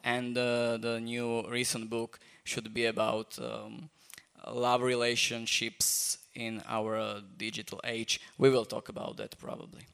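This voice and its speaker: A man's voice: mid-range voice, flat delivery, unhurried, gravelly, a bit bright, clean tone. Hesitant man hosting a live talk. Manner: hesitant, many fillers. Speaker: host, journal editor. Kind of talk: live public talk introduction. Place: festival event space.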